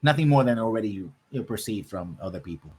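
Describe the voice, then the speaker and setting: A man's voice: on the low side, animated, fast talker, a little hiss or hum. A man running a tabletop game as game master, describing scenes at length and often checking in with the players. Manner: descriptive, keeps checking in with "right?".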